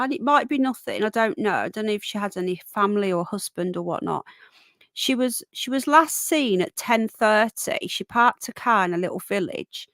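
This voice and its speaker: A woman's voice: on the high side, a bit bright, dry recording. Chatty woman with a runny nose. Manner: chatty, greets viewers by name, swears casually. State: runny nose, a bit unwell. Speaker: livestream host. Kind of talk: casual live chat.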